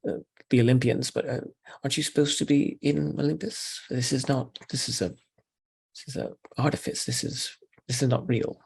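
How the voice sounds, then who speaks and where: A man playing a halting, gravelly-voiced hunter. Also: medium pitch, fairly even intonation, darkish tone. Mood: hesitant. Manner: halting, with many "uh"s and restarts. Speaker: player. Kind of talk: in-character tabletop role-play.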